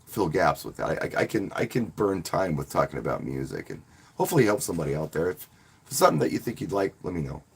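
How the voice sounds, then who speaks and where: A man's voice: sits low, big pitch swings, fast, gravelly, husky. A man who works as a wedding DJ, casually talking to viewers on a live stream in a rambling, friendly way and often restarting his words. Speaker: wedding DJ and channel host.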